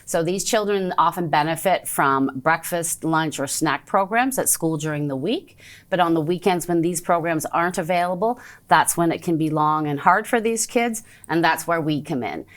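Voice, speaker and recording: A woman's voice: low-pitched, moderate pace. A woman with a Canadian accent, a program coordinator speaking as a guest on a community TV show, earnest and a little stumbling with fillers. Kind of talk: community TV interview.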